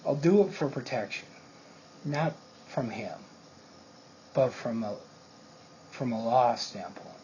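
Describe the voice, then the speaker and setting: A man's voice: medium pitch, animated, slow pace, long pauses, darkish tone. A man casually telling a swaggering, profane story about a confrontation. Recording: muffled lo-fi recording, faint hiss.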